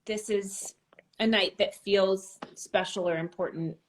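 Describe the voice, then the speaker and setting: A woman chatting casually on a phone live stream, agreeable and quick with supportive replies. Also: mid-range voice, steady tone. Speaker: livestream guest. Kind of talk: casual chat.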